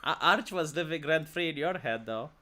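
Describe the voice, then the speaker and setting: A man's voice: on the high side, lively intonation, moderate pace, pushed and bright, a little hiss or hum. A man with a Romanian accent chatting on a stream, rambling and stammering through restarts. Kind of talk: casual stream banter.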